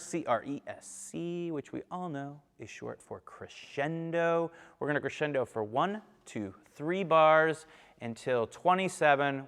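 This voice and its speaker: Male timpani teacher, smooth and mellow, patient, counts beats aloud, checks in with "okay?", long room reverb. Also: mid-range voice. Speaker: percussion teacher. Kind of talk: instrument lesson with counting and demonstration.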